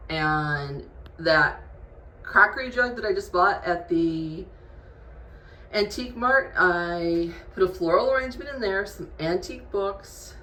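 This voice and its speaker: A woman's voice: medium pitch, animated, unhurried, pushed and bright, reverberant. A woman showing off her redecorated bedroom in a casual home vlog, chatting as she points out each piece, filmed on a tripod camera in her bedroom. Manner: chatty, homey, shows items one by one. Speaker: home decor vlogger. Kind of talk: casual room tour vlog.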